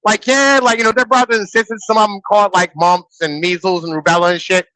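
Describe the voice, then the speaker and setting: High, bright-voiced man in profane chat. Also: fast, dry recording, low-quality recording. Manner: animated, profane, repeats "you know what I'm saying".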